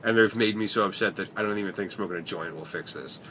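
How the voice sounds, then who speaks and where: A man voicing a fed-up young woman passenger, in a quiet and weary tone. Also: lowish voice, quick pace, a little hiss or hum.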